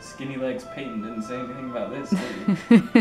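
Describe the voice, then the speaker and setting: A man's voice: medium pitch, expressive, moderate pace, recorded from a distance, loud music behind the voice. A young man joking around with his family at home, heard from across the room. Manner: joking, teasing. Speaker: husband and father. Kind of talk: casual family banter. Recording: echoey room, off-mic.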